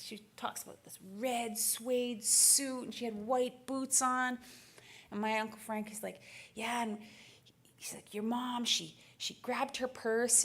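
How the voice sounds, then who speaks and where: A woman giving a talk, telling a lively family story with quoted voices and frequent laughter. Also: on the high side, breathy edge. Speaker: speaker.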